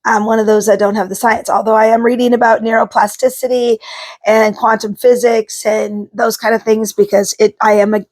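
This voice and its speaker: A woman's voice: a little high, flat delivery, brisk, darkish tone. A middle-aged woman talking casually to camera, chatty and rambling, with frequent ums and asides. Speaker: vlogger, psychic card reader.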